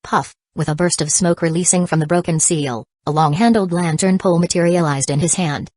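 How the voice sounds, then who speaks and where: A woman narrating an audiobook in a steady, even reading. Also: fairly low pitch, a little fast, no echo. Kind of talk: scripted narration.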